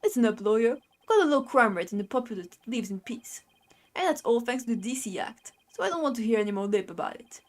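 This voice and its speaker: A woman's voice: a little high, sing-song, fast talker. Brooklyn-accented tough-guy minister, blustering and threatening, woman doing the voice, gangster drawl. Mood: gruff, menacing. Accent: put-on Brooklyn. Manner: gruff gangster bluster, tags lines with "see?".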